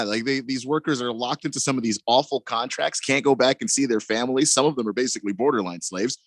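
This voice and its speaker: A man's voice: mid-range voice, fast talker, hardly any pauses, no echo. A man co-hosting a sports radio show, chatting casually and adding wry commentary. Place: radio studio.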